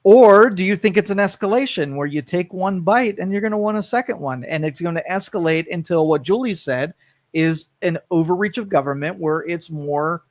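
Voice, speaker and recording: A man's voice: high voice, moderate pace, no echo. A man co-hosting a live talk show from a studio, rambling and correcting himself as he puts pointed questions. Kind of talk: live talk radio debate.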